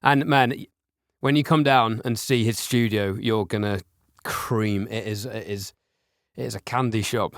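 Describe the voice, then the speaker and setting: Brief: male co-host, lower voice, dry close sound, blunt banter. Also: steady tone, unhurried, no echo. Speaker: podcast co-host. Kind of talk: casual chat.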